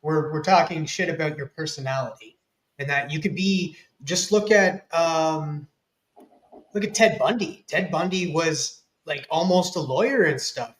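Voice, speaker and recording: A man's voice: fairly high pitch, measured pace. Sarcastic man in an echoey room. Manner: mocking, sarcastic. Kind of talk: casual live-stream talk. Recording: roomy echo.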